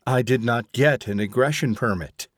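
A man reading an audiobook, voicing an earnest, quietly rebellious young man in a low, grave, measured way. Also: no echo, studio quality, close to an everyday voice. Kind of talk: audiobook character voice.

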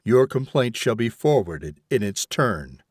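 A man's voice: medium pitch, very animated, measured pace, darkish tone, slightly rough, dry recording, studio quality. A man reading aloud, voicing a cold, formal bureaucratic committee of a machine.

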